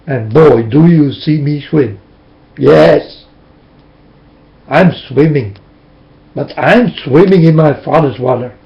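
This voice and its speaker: Man, Dutch first language, high voice, slow impassioned preaching, dull webcam sound. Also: vocal fry. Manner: impassioned, tearful, repetitive preaching. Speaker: webcam speaker. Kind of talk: emotional webcam monologue. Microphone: webcam mic.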